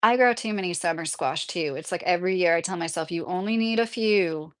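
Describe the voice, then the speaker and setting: A woman's voice: on the low side, brisk. A woman in her thirties chatting casually as a vlogger, rambling with many fillers while reading viewer comments aloud. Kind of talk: casual chat.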